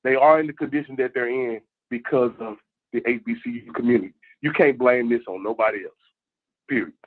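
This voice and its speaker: A man's voice: medium pitch, brisk. Insistent male caller on a phone. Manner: insistent, repeats himself. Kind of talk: passionate call-in argument. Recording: tinny phone line.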